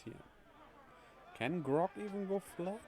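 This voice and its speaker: A man's voice: high voice, measured pace, mellow, a little hiss or hum. A man casually commenting on his game playthrough, chatty and thinking aloud, often amused. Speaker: streamer.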